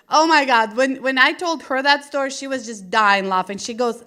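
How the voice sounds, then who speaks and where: A woman's voice: a little high, unhurried, pauses often, pushed and bright. A young woman from Russia with a Russian accent, telling a stand-up story to a live crowd and laughing along as she goes. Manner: chatty, laughs at her own story. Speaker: stand-up comedian. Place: small gallery venue, live audience.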